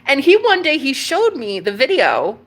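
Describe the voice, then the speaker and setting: A woman's voice: high voice, huge pitch swings, moderate pace. A young woman talking to camera in a casual, confessional way, gushing and chatty, calling her listener girl and babe. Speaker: tarot reader and vlogger.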